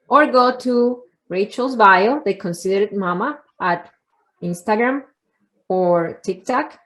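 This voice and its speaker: A woman's voice: medium pitch, fairly bright tone, rough recording. A woman hosting a parenting podcast who explains her approach plainly and practically. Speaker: podcast host and parenting educator. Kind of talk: casual podcast conversation.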